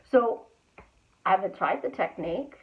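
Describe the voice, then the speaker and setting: A woman's voice: medium pitch, lively intonation, normal speed. A middle-aged woman hosting a podcast, giving an upbeat motivational talk and stretching out her words for emphasis. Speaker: podcast host and manifesting coach. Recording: tinny phone-like audio.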